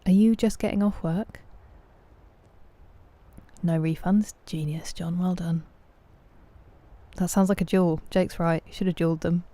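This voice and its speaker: A woman's voice: fairly low pitch, steady tone, unhurried, long pauses, mellow. A woman with a British accent chatting casually with viewers during a live game stream, answering them by name.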